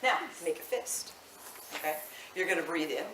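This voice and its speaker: A woman's voice: deep voice, expressive, normal speed, a bit bright. Woman voice teacher, chatty workshop talk, keeps asking "okay?", distant mic, roomy echo. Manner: chatty, ends phrases with "okay?". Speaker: voice teacher and choir director. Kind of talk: live vocal workshop. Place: large echoey room with a live group. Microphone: room mic at a distance. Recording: roomy, distant, faint hiss.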